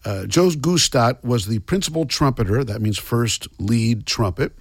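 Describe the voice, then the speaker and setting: A man's voice: medium pitch, lively intonation, measured pace, slightly rough, no room sound, clean studio sound. A man hosting a radio program, introducing and explaining archive clips in a plain way. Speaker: radio host.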